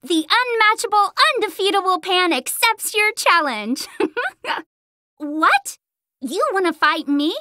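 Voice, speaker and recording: A woman voicing a spunky, cocky young girl fighter in video game voice lines, brash and boastful with yelled battle cries, recorded close in a studio. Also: lively intonation, slow pace, no echo, exaggerated voice. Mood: cocky teasing. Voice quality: high bright girlish voice. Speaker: voice actor. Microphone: close studio mic.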